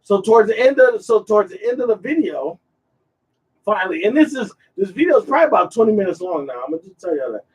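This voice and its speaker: Husky high-voiced man telling a story. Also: fast, far from the mic, low-quality recording. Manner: animated retelling, acts out quotes, repeats himself. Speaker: podcast host. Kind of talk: casual storytelling chat.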